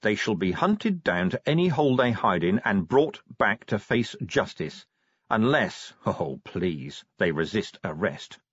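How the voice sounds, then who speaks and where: A man's voice: on the low side, big pitch swings, a little slow, slightly rough, dry recording, heavily acted. Man voicing a grim weary watch commander. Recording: dull dry lo-fi audiobook recording.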